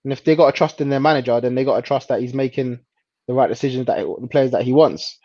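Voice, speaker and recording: A man chatting casually about football as a co-host, relaxed and hesitant, often laughing. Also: medium pitch, fast, dry recording, dull audio.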